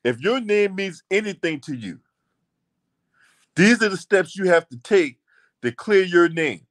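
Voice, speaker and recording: Man, ranting commentary, high voice, swooping lively delivery, profane, emphatic. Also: a little slow. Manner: emphatic, profane, repeats lines for stress. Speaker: channel host and commentator.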